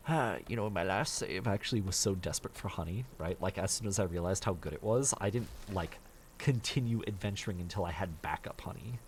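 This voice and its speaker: A man's voice: low voice, fast, a little hiss or hum. A man streaming a survival game, grumbling and swearing at his bad luck and mocking himself as he plays. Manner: grumbling, profane, self-mocking. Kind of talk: casual gameplay commentary.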